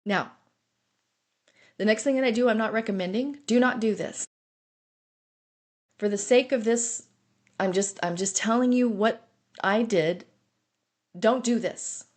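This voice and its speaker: A woman's voice: fairly high pitch, measured pace, long pauses, darkish tone. A middle-aged woman telling her own story on a podcast, earnest and intense as she relives it. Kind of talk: personal recovery story podcast.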